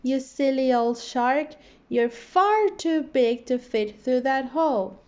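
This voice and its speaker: A woman voicing a tiny, brave young male fish in a high, squeaky, pleading voice, on a dull lo-fi recording. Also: animated, takes it slowly, a little mellow. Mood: gloating.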